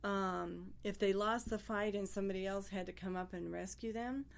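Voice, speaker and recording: A woman giving measured, explanatory commentary as an expert. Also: mid-range voice, fairly even intonation, creaky.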